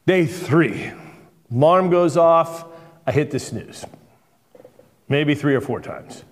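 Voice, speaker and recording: A man's voice: a little high, expressive, slow. A man who is a lead pastor, giving a conversational sermon, telling stories and repeating words for emphasis. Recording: long hall reverb.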